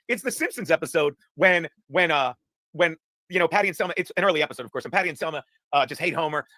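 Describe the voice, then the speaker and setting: A man's voice: high-pitched, pushed and bright, no echo. A man hosting a casual talk show, rambling, profane and laughing through his stories. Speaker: podcast host. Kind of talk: casual chat.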